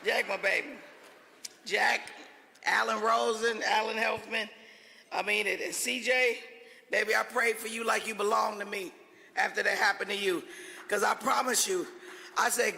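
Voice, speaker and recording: A woman's voice: mid-range voice, fairly even intonation, normal speed, gravelly, pauses often, pushed and bright. A woman giving a fervent, folksy acceptance speech in a large event hall. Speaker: award honoree.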